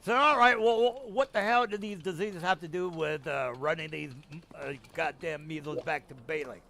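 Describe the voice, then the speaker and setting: A man's voice: on the high side, normal speed, sharp tone. A man doing a crude sadistic Templar guard. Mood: annoyed. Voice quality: crude, blustering.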